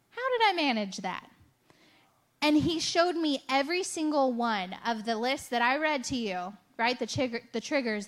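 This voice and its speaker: A woman's voice: on the high side, fairly bright tone. A woman giving a conversational sermon testimony, telling her story candidly with a self-mocking streak and a lot of "like" and "right?". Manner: chatty storytelling with frequent "like" and "right?". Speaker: speaker sharing a faith testimony.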